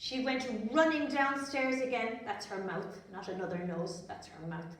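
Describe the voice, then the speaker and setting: A woman telling a story to young children, slow and expressive, adding sound effects. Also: mid-range voice. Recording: echoey room from far off.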